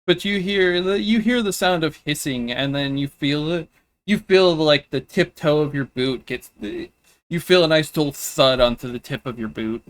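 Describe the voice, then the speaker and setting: Halting man narrating a tabletop game. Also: fairly high pitch, clean tone. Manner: halting, restarts often, laughs between lines. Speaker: game master.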